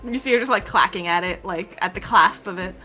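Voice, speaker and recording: A woman's voice: mid-range voice, fairly quick, pushed and bright, faint music behind. A woman narrating a tabletop game as game master, rambling loosely with many "like"s and "um"s. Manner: rambling, full of "like" and "um".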